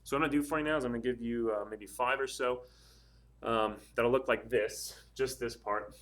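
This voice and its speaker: A man's voice: medium pitch, fairly quick, fairly bright tone. A man teaching a Spanish grammar lesson in a casual, patient way, working through examples one step at a time with frequent ums and uhs. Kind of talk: casual classroom explanation.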